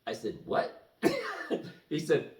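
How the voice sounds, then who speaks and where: A man telling a story to the camera in a casual, animated way, chuckling as he goes. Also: mid-range voice, normal speed. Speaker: vlogger. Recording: echoey room, mic at a distance.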